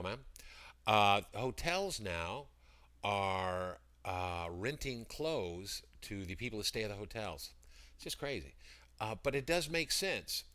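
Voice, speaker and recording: A man hosts a loose livestream from his computer mic, chatting and pitching his products between greetings to viewers. His voice is deep yet bright and clear, with a rambling, friendly flow. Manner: rambling, greets chat viewers by name, breaks into sung jingles. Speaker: livestream seller. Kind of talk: casual livestream chat.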